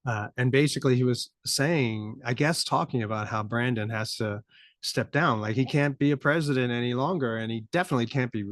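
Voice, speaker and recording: A man's voice: mid-range voice, brisk, dry recording, clean studio sound. A middle-aged man hosting a podcast, rambling through casual political commentary, laughing in disbelief and rising to incredulous peaks. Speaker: podcast host.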